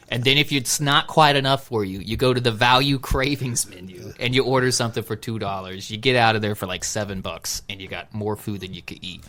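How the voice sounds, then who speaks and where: Casual male podcast host, bright edge to the voice, animated storyteller. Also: medium pitch. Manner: animated storytelling, acts out quoted exchanges; says "dude" and "bro" a lot. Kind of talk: casual chat.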